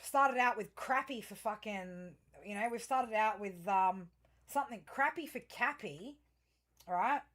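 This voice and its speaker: This woman has a medium-pitched, slightly bright voice and takes her time. Reading tarot and astrology casually for her viewers, she chats in a profane, wandering way, constantly using fillers and breaking off to restart.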